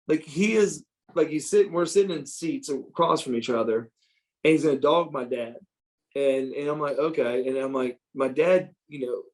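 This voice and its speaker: A middle-aged man, a former pro wrestler, telling stories casually in an interview, animated and profane, often acting out what others said. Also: medium pitch, poor audio. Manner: animated, profane, acts out quoted dialogue. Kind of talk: casual storytelling.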